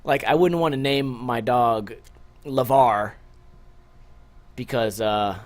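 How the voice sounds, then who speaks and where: A man's voice: mid-range voice, animated, measured pace. Man, podcast host, casual solo chat, profane, rambling, tired from little sleep. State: short on sleep.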